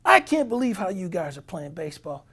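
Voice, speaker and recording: A man impersonating a furious, foul-mouthed older baseball manager who scolds his team in a loud, gravelly voice. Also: high-pitched, big pitch swings, moderate pace, pitched above the performer's own voice. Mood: scolding. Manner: yelling, scolding.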